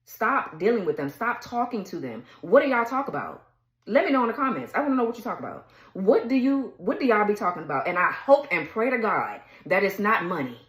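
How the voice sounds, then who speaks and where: A woman's voice: mid-range voice, sing-song, brisk. Blunt, cursing woman in an echoey room. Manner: blunt, profane, heated, laughs mid-rant. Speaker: tarot reader. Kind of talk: casual ranting tarot reading.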